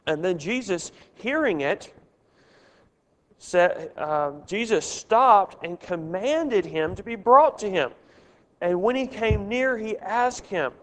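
A man's voice: high-pitched, expressive, slow, in a large hall. A man leading a Bible study, earnest and asking his group questions.

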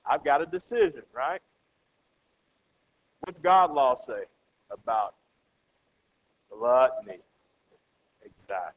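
A man's voice: a little high, very animated, a little slow, long pauses. A man preaching a conversational sermon to a congregation, often checking in with "right?" and acting out everyday characters. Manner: acts out everyday characters with a changed voice. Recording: dull lo-fi sound.

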